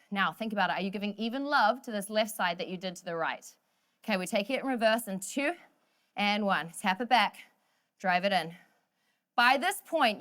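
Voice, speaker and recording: A woman's voice: mid-range voice, fairly bright tone. A woman leading a workout class, cheering people on, cracking jokes and counting down the final seconds of each set. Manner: upbeat, joking, counts down reps. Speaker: fitness instructor. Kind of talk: energetic workout coaching.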